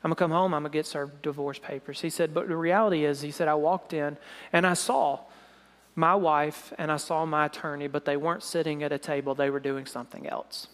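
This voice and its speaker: A man preaching, retelling a dramatic story in sermon style and dropping to a soft, low voice at the emotional moments. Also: fairly even intonation, brisk. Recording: long hall reverb.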